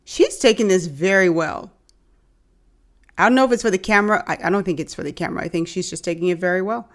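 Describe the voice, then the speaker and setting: A woman's voice: fairly low pitch, quick pace. A woman with a Bahamian accent hosting and commenting frankly, speaking straight to her viewers. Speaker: host reacting to a clip.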